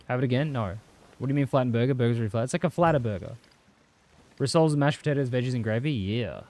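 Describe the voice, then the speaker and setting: A man's voice: medium pitch, animated, fast talker, a little mellow. A young Australian man chatting casually and rambling while he streams a game, swearing freely and answering chat. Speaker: livestreamer.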